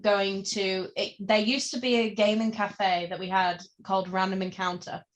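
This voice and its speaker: Woman co-host, mid pitch, casual rambling chat. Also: flat delivery, moderate pace. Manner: rambling, filler-heavy, tangent-prone. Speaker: podcast co-host.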